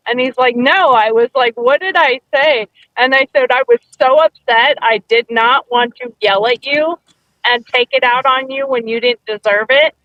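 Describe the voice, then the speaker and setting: Chatty woman co-host, high voice, dry dull sound, tells stories with quoted bits. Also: fairly even intonation, normal speed, dry recording. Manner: chatty storyteller, acts out quotes. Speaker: podcast co-host. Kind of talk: casual chat.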